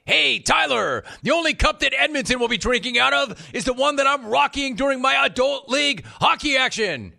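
A man mimicking a boastful caller in a high, mocking voice. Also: animated, normal speed, gravelly, few pauses, pushed and bright, heavily acted. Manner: mocking, squeaky. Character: smug boastful young man, mocked.

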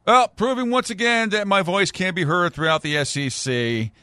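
A man with a New England accent hosting sports talk radio, arguing in animated banter. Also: sits high, moderate pace, clear, resonant tone, no room sound, studio quality. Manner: argumentative, animated.

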